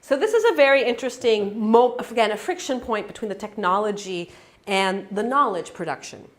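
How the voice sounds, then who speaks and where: A woman's voice: mid-range voice, fairly quick. Woman giving an academic talk. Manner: conversational, many fillers and restarts. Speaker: academic speaker. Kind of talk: conference talk.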